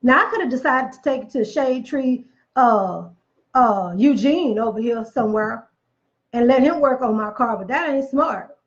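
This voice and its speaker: A woman's voice: on the high side, animated, moderate pace, muffled recording. A woman giving a casual motivational talk, emphatic and preachy, repeating phrases for effect, with chatty folksy asides. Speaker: motivational speaker.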